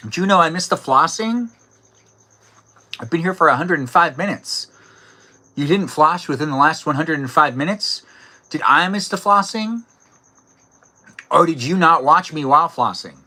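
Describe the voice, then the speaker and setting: A man's voice: fairly high pitch, lively intonation, normal speed, pauses often, bright, forceful tone. Playful man live-streaming outdoors. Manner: playful, jokey, talks to chat by name, barks and giggles on request. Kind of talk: casual live-stream chat, reading viewer comments. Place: outdoors, cold evening.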